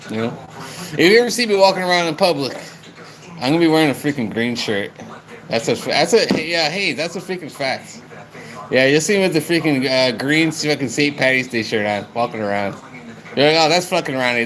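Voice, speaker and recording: A man's voice: a little high, expressive, a little fast, fairly bright tone, poor audio. A young man livestreaming, chatting loosely with viewers, calling them by name, rambling and swearing a lot. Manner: rowdy, repetitive, swears a lot.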